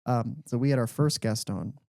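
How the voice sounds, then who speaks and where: A young man co-hosting a podcast, telling stories in a casual, animated way with lots of "like". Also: mid-range voice, normal speed, gravelly, dry recording, studio quality. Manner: animated storyteller, heavy use of "like". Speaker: podcast co-host. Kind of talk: casual chat.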